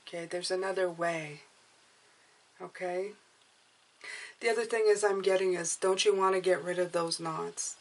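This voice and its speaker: A woman giving an earnest spiritual tarot reading, coaxing her viewers and often checking in with "okay?" and "you guys". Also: medium pitch. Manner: emotional, coaxing. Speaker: tarot reader.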